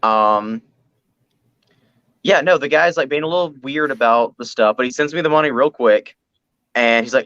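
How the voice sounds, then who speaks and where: A man, a podcast guest, telling an anecdote in a relaxed casual way. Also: medium pitch, normal speed, long pauses, clean tone, no room sound, highs cut off. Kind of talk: casual chat, storytelling.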